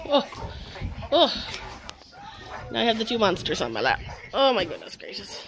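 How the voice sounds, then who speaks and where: A woman's voice: on the high side, huge pitch swings, unhurried, pauses often, noisy background. A woman dog trainer at home, talking to her dogs with sing-song praise and short commands. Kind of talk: talking to dogs during play.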